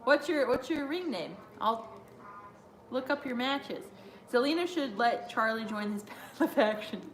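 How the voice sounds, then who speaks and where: A woman's voice: a little high, animated, measured pace, echoey room. A woman hosting a casual watch-along stream, reading chat aloud and answering with lots of giggles and jokes.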